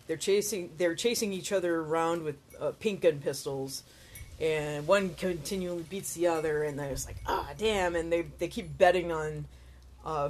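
A woman's voice: low voice, darkish tone. A woman chatting casually about a movie, rambling with fillers and amused asides, sounding tired. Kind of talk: casual film chat.

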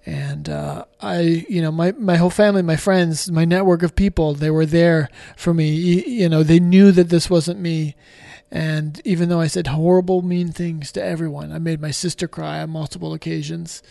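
Emotional man with a higher voice, dry sound. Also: gravelly, dark tone, no room sound. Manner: emotional, halting, frequent restarts and fillers; swears casually. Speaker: podcast guest. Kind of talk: candid conversational storytelling.

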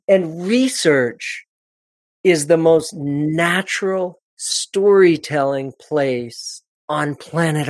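A presentation coach, appearing as a guest on a conversational podcast interview, talks about presenting in an animated, expressive way. His voice is slightly high, and he often restarts sentences mid-thought. The recording is dry and close, with no room sound and no echo.

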